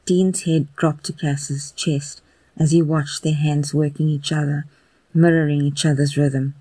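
A podcast narrator giving a slow, even, intimate audio fan fiction reading. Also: mid-range voice, dry recording.

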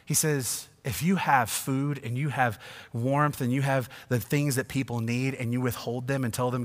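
A man preaching a sermon, swinging from hushed asides to loud, emphatic passages. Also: medium pitch, normal speed, hardly any pauses. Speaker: pastor. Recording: long reverb of a church hall.

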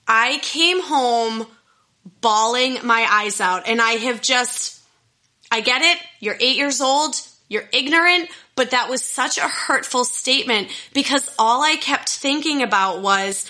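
Woman, young adult, bright voice, fairly high, candid storytelling, earnest and emotional. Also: unhurried. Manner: earnest, emotional, self-deprecating. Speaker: storyteller sharing personal history.

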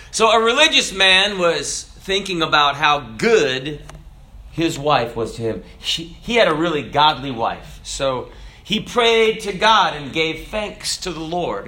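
A male preacher giving a sermon, reading scripture and joking with the congregation. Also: a little high. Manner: animated, joking, teaches from scripture.

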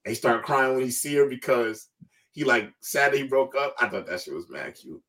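A man's voice: medium pitch, expressive, a little fast, pushed and bright, far from the mic. A man hosting a casual panel talk show, speaking loosely with slang and emphatic asides. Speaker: show host.

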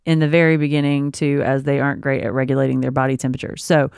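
A woman's voice: extremely low pitch, flat delivery, quick pace, creaky, darkish tone, clear, resonant tone, dry recording, studio quality. A woman co-hosting a casual podcast, reading parenting advice aloud and breaking off into laughing asides. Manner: reads aloud then riffs with laughing asides. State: expecting a baby. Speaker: podcast co-host.

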